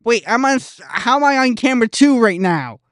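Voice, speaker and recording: A young adult streamer chatting casually and excitedly with viewers while reacting to esports races. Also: mid-range voice, fairly quick, no room sound, clean studio sound. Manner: excitable, chatty, jokey, addresses viewers as guys. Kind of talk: casual live-stream commentary.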